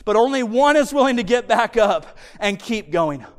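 A man delivers a sermon with animated, emphatic storytelling, slowing down to hammer key lines. His voice sits high for a man. A long reverb from the church hall follows every phrase. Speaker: preacher.

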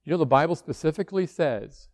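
A man's voice: fairly high pitch, expressive, quick pace, a little mellow, dry recording. A man preaching a sermon in a conversational way, acting out the worried voices of church members.

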